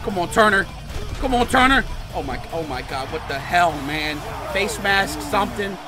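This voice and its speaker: A man doing excited gameplay commentary for his channel, swinging between muttered play-by-play and outbursts of shouting and cursing. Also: sits high, moderate pace. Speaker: gaming channel host. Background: game music.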